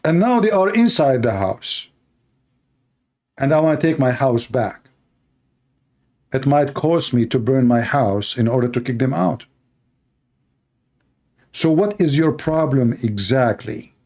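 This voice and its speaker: A man's voice: medium pitch, lively intonation, unhurried, long pauses, a little mellow. A man giving heated reaction commentary on a news clip, hurling insults and arguing in broken, non-standard English. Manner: angry, insulting, argumentative.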